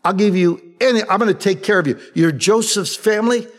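A man's voice: high voice, a little fast, voice pushed up, natural voice. A man playing Pharaoh, a generous ruler offering to care for a family in plain modern words. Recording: long echoey hall reverb.

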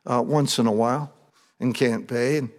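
A man preaching a sermon as pastor, with conversational, animated storytelling that builds in excitement. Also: medium pitch, normal speed, big-room sound.

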